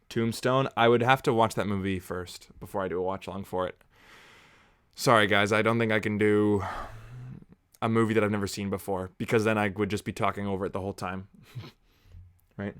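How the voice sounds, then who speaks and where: A man's voice: fairly low pitch, steady tone, brisk, long pauses, fairly bright tone, clear, resonant tone, dry recording, clean studio sound. A young man hosting a casual movie watch-along, chatty and sarcastic, with a taste for juvenile jokes. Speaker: movie review host.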